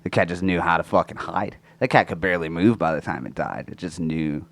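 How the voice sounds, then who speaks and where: A man's voice: low-pitched, a little fast, gravelly, fairly bright tone. A man co-hosting a podcast, talking in a crude, rambling way with lots of swearing, his throat sore and coughing, close to the microphone. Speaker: podcast co-host. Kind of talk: casual chat.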